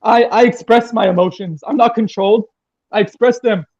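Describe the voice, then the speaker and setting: High-voiced agitated man, lo-fi stream. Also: moderate pace, a little mellow, no echo. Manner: rambling, agitated, profane, repeats himself. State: crying. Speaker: guest. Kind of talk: emotional livestream interview.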